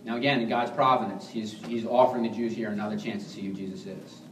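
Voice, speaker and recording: A man's voice: fairly low pitch, fairly even intonation, quick pace, far from the mic, a little hiss or hum. Preaching man in a roomy church. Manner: earnest preaching that swings from quiet to forceful emphasis; frequent restarts and repeated words. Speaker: pastor. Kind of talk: sermon.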